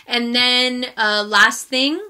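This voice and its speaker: A woman's voice: on the high side, steady tone, slow pace, pushed and bright, clear, resonant tone. A woman tarot reader talking casually and effusively to her viewers, laughing often and getting emotional. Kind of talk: casual direct-to-camera talk.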